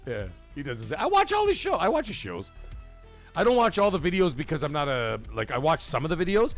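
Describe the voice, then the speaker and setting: Lively, profane livestream host man. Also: a little high, quick pace, soft background music. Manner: animated, profane, thanks viewers and reads chat aloud. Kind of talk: late-night gaming livestream chat.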